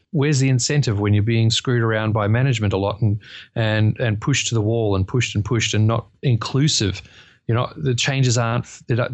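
A man's voice: medium pitch, no room sound. A man giving his frank, emphatic opinions as a panelist in a casual podcast discussion.

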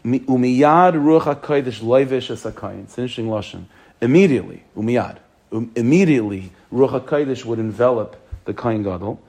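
A rabbi teaching a text class, reading each phrase aloud and then explaining it. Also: male voice, medium pitch, fairly quick, a little mellow. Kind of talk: text study lesson.

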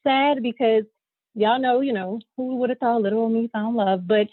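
A woman's voice: a little high, fairly even intonation, moderate pace, husky, no echo. A woman in casual podcast chat, talking candidly and emphatically and swearing freely. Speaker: co-host, newly married. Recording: tinny phone-like sound.

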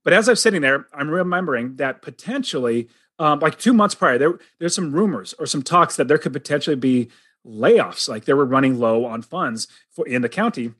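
A man's voice: on the high side, lively intonation, normal speed, fairly bright tone, husky, no echo. A middle-aged man telling his personal story as a guest, earnest and dramatic, acting out the lines he quotes.

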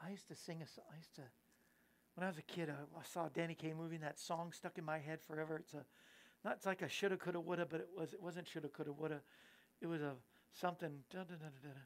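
A man's voice: a little high, fairly even intonation, fast. A man hosting a Christian talk show, rambling and giggling at himself, then preaching earnestly. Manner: rambling, giggly, self-mocking; preachy exhortation. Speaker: host and evangelist.

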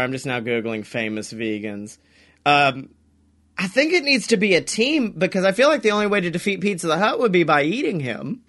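High bright-voiced guy on a comedy podcast, hyped, laughing and cursing a lot. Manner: excitable, laughing, swearing, riffing. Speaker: podcast co-host. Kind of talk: casual comedy podcast chat.

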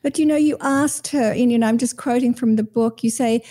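Higher-pitched, soft woman host. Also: fairly quick. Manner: thoughtful, paraphrasing the guest. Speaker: podcast host. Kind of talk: reflective interview talk.

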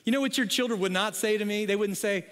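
Middle-aged pastor, high tenor-ish male voice, comic storyteller in a sermon, reverberant hall. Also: quick pace, a bit bright. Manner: humorous storytelling with frequent "okay?" asides.

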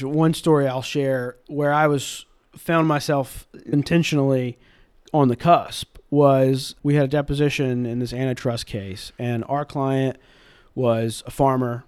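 A man's voice: medium pitch, clear, resonant tone, dry recording. Young man with mild Southern accent, dry sound. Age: 20s. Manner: animated anecdotes, brisk delivery. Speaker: guest, in-house general counsel. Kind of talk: storytelling in an interview.

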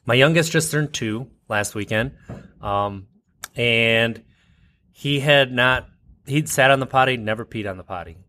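A man in his thirties co-hosting a podcast, telling a family story in casual chat and jumping up high to quote his kids. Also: a little slow, sharp tone. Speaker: podcast co-host.

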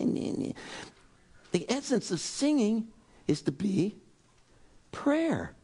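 Man, pastor, sermon, lively swooping pitch, exclaiming. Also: vocal fry. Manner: animated, exclaiming, swings between loud and soft.

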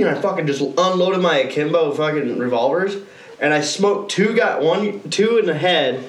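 Excitable, swearing young man in an echoey room. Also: a little high, normal speed. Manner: excitable, profane storytelling with shouted outbursts. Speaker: podcast co-host. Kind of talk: casual chat.

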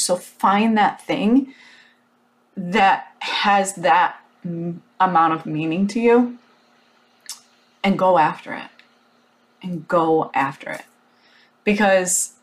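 A woman speaks to her audience in a casual motivational talk, telling the story with animated emphasis and filling it with "like." She is blunt and unfiltered and does not mind a curse word now and then. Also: mid-range voice. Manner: blunt, occasional swearing.

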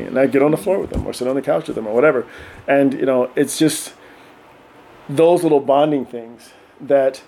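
A middle-aged man telling animated stories in casual podcast chat, often acting out voices and laughing. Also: medium pitch, a little fast, slight background noise. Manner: animated, acts out voices of his kids and himself, laughs often. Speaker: podcast guest.

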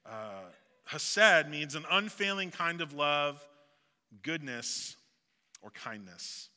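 Male pastor, southeast missouri accent, very bright forceful voice, sermon with long church reverb. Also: a little high, very animated, slow pace. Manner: conversational, joking asides. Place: church sanctuary.

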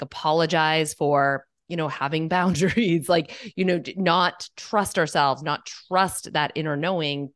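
A woman's voice: sits low, no echo, studio quality. A woman nutritionist co-hosting a podcast, talking reflectively in a casual conversation. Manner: reflective, thoughtful, frequent fillers. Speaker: nutritionist co-host.

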